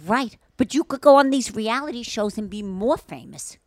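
A woman's voice: a little high, lively intonation, moderate pace, dry recording, clean studio sound. A woman in her sixties co-hosting a podcast, chatting casually and emphatically, often talking over the others. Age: 60s. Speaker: podcast co-host. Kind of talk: casual chat.

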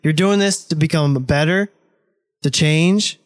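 Young guy talking kinda high, blunt and pushy, swears a lot, just chatting with his buddy. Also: unhurried. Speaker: podcast guest, host's best friend. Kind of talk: casual chat.

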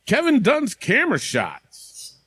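Male podcast host, animated pitch, dry close sound, loose profane banter. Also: takes it slowly, slightly rough, dry recording. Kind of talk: casual chat.

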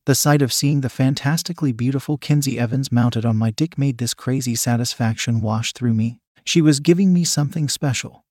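A man narrating a first-person story in a quiet, even reading voice. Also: mid-range voice, no room sound, clean studio sound.

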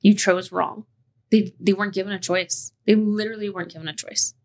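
A woman's voice: mid-range voice, steady tone, quick pace. A woman hosting a podcast, talking in a passionate, heated rant and cussing freely. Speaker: podcast host.

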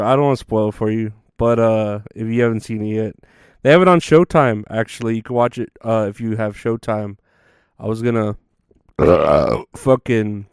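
A man's voice: medium pitch, darkish tone, clean tone, no room sound, clean studio sound. A man chatting casually on his livestream, meandering and laid-back, full of fillers and swearing. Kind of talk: rambling casual stream chat.

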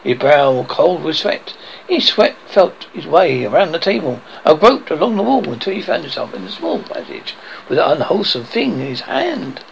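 A man narrates a horror story in a dramatic, somewhat halting read. His fairly high voice has a gravelly rasp. His pitch moves a lot as he tells it. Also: slight background noise, rough recording. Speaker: horror host.

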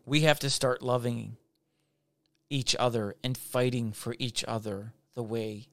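A man's voice: medium pitch, steady tone, unhurried, dry recording. A man hosting a devotional podcast, preaching in repetitive, building exhortations. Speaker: podcast host.

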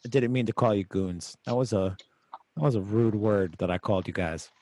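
A man hosting a podcast in a relaxed, rambling way, full of fillers. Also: lowish voice, fairly quick, no room sound. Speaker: podcast host. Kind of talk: casual podcast chat. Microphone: video call microphone.

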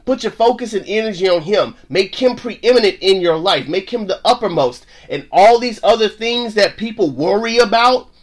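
Man preacher, casual and emphatic, a little high-pitched, loops back on his words. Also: expressive, moderate pace, few pauses. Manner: emphatic, repetitive, colloquial, with restarts. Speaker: podcast host and preacher.

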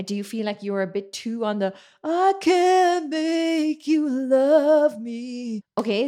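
A woman vocal coach giving a chatty singing lesson, explaining technique and breaking into quick sung and spoken demonstrations. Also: mid-range voice, a little mellow.

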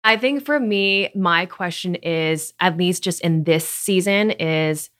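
A woman co-hosting a podcast, talking gently and earnestly. Her voice sits somewhat low, and she speaks in an affirming, caring way. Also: slow. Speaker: podcast co-host. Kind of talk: casual conversation.

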